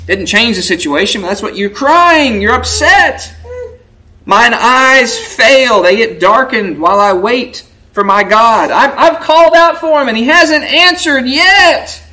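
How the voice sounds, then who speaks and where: A man's voice: very high voice, lively intonation, unhurried, hardly any pauses, pushed and bright, low-quality recording. A man preaching a sermon, asking the listeners questions and building vivid word pictures, with a dramatic rise when quoting the verses. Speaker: pastor. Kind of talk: expository sermon.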